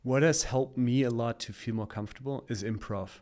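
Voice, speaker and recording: A man's voice: medium pitch, a little fast, darkish tone. A man chatting as a guest on a casual podcast, upbeat and coaching in tone, laughing often as he talks.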